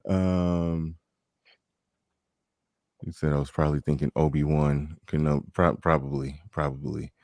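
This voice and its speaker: A man's voice: a bass voice, level tone, measured pace, long pauses, a little mellow, no echo, clean studio sound. A man hosting a casual live talk show, joking, cursing and laughing as he chats with his audience. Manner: joking, swearing, laughing at his own stories. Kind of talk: casual livestream chat.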